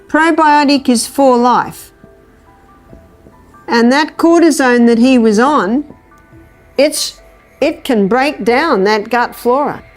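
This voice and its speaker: A woman giving a health lecture, animated and telling a story while she acts out the dialogue. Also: fairly high pitch. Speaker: natural health educator.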